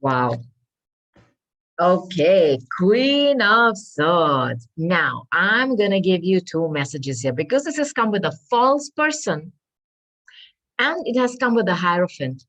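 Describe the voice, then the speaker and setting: A woman giving a tarot reading to viewers, earnest and reassuring, often pausing to hunt for the right word. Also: fairly low pitch, very animated, poor audio. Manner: earnest, reassuring, searches aloud for words; addresses viewers as darling. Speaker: tarot reader.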